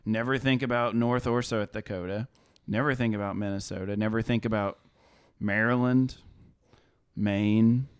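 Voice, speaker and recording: A man's voice: fairly low pitch, fairly even intonation, moderate pace, clear, resonant tone, no room sound. Young guy rambling on a podcast, lots of ums, dead dry sound. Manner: rambling, full of fillers and self-corrections. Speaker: podcast co-host. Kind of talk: casual chat.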